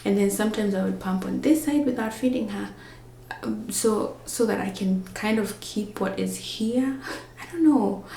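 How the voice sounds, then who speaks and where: A woman's voice: medium pitch, normal speed, creaky, dark tone, echoey room, slight background noise. A woman vlogging in a rambling, chatty way, often dropping to a whisper so she won't wake a napping baby. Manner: rambling, chatty, with many fillers. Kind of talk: casual vlog.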